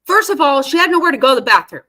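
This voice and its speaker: A woman's voice: high-pitched, sing-song, rapid-fire, sharp tone. A woman giving casual reaction commentary on a court case, indignant and swearing freely as she talks back at the screen. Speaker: true-crime commentary host.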